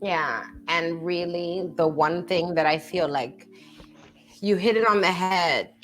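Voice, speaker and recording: A woman's voice: on the low side, slow pace, fairly bright tone, soft background music. Frank, profane woman in her thirties. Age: 30s. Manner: candid, profane, emphatic, lots of fillers. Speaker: podcast co-host. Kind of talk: casual chat.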